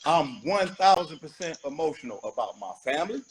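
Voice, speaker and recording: High-voiced guy in an interview, blunt and swearing a lot, some faint noise. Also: very animated, a little fast, poor audio. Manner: blunt, emphatic, profane. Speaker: rapper, interview guest. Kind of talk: candid interview talk.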